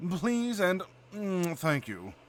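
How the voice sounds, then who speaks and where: A man putting on a pompous posh British gentleman with a nasal, drawn-out voice, humming and blustering. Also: high voice, huge pitch swings, slight background noise, exaggerated voice. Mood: snooty.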